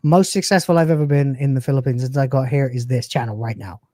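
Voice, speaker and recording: A man's voice: medium pitch, fairly even intonation, quick pace, darkish tone, no room sound. A man in his forties hosts a livestream in a loose, profane, joking way. He tells stories and keeps the chat moving. His voice is recorded close and dry. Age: 40s. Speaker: host.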